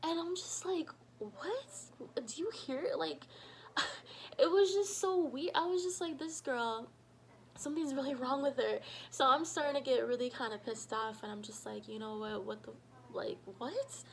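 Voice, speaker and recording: A woman telling a personal story in a casual vlog, animated and full of fillers, acting out what people said. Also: high voice, moderate pace, creaky, a little hiss or hum, poor audio. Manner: animated, shouts quoted lines, many fillers. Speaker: storytime vlogger.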